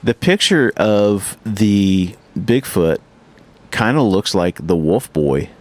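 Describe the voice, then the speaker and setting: A man's voice: lowish voice, lively intonation, slow pace. A man co-hosting a casual podcast, meandering loosely and swearing now and then. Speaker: podcast co-host. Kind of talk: casual chat.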